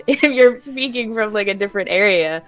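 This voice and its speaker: Lively woman chatting on a roundtable. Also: mid-range voice, moderate pace, faint music behind. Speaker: guest streamer. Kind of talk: casual roundtable chat.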